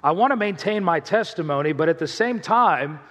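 A man's voice: a little high, expressive, normal speed, fairly bright tone, long reverb tail. A male pastor preaching a sermon, telling stories in a conversational way and asking the congregation questions.

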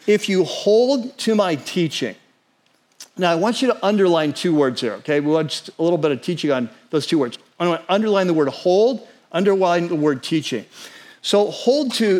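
A pastor with a fairly high voice preaches a sermon in an earnest, conversational style, often checking in with "right?" He slows down to spell out and stress key words.

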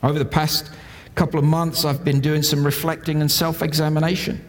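A man's voice: a little high, level tone, brisk, long reverb tail. A man preaching a sermon in a conversational, self-deprecating way, telling funny stories before turning to scripture. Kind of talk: sermon with humorous anecdotes.

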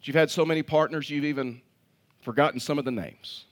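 Man, pastor, sermon, storytelling, fairly high voice, stumbles over repeated words. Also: fairly quick, noisy background. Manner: storytelling, repeats words when restarting, chuckles at own jokes.

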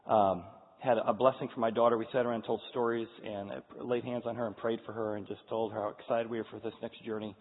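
A man in his forties speaks to an audience, telling an earnest personal story with frequent restarts. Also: medium pitch. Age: 40s. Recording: tinny, echoey hall sound.

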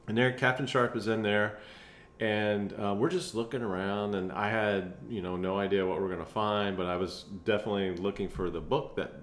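A man telling a travel story in a casual chat, animated and laughing often. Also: on the low side, moderate pace, slight background noise. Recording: roomy echoey room.

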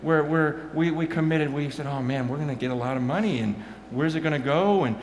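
A pastor telling animated stories, swinging from quiet asides to loud bursts and repeating his words as he goes. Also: on the high side, a little fast, roomy sound, a little hiss or hum. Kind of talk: animated storytelling talk.

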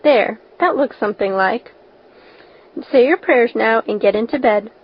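A woman's voice: on the high side, measured pace, slightly rough. A woman reading the part of a strict, stiff older spinster who scolds and admonishes. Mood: stern. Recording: dull lo-fi recording.

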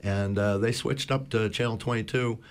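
Low-voiced man telling sea stories. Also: fairly even intonation, normal speed, clear, resonant tone. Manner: rambling anecdotes with many fillers. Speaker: boat talk show regular. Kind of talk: casual storytelling on community radio.

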